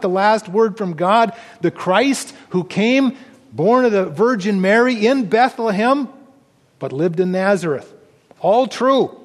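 High-voiced preaching man in a reverberant hall. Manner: earnest preaching, reading scripture aloud. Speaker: pastor. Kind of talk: sermon.

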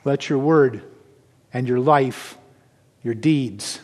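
A man preaching a sermon, swinging between raised exclamations and hushed, low passages. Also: slow, long reverb tail. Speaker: pastor.

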